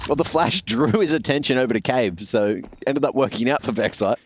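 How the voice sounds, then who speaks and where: A man gives calm, measured color commentary on a live esports match, breaking down positions and timing. Game gunfire and clicks sound clearly behind him. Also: medium pitch, background noise. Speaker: esports analyst.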